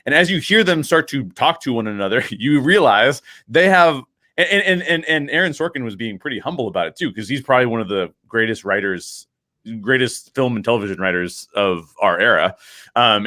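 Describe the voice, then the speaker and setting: A man co-hosting a podcast about storytelling, chatting casually and telling anecdotes with quick bursts and frequent laughs. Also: medium pitch, animated, pushed and bright, no room sound, clean studio sound. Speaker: podcast co-host. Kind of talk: casual chat.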